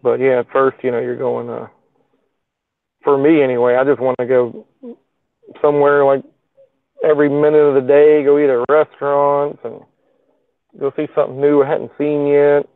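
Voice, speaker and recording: A man's voice: medium pitch, flat delivery, moderate pace, pauses often, no echo. A man hosting a casual live stream show from his parked car, talking in a loose, rambling way with lots of fillers and folksy phrasing. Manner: rambling, with many fillers and plain folksy speech. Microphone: phone. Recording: tinny, phone-like, dry sound.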